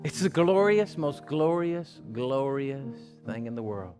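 A man preaching a sermon in a church, swinging from loud urgent calls to hushed pleading. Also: medium pitch, expressive, a little slow, music in the background. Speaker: pastor. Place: church sanctuary with live congregation.

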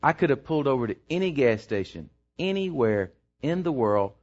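Rambling pastor, lo-fi sound. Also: male voice, mid-range voice, normal speed. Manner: rambling anecdote that builds into emphatic, excited preaching. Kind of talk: sermon storytelling. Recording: dull lo-fi sermon recording.

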